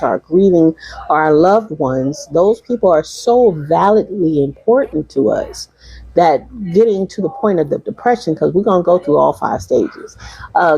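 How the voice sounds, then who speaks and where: A woman's voice: fairly low pitch, darkish tone, slightly rough, no room sound, muffled recording. A woman hosting a podcast in casual, emotional conversation, reading viewer comments aloud. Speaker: podcast host.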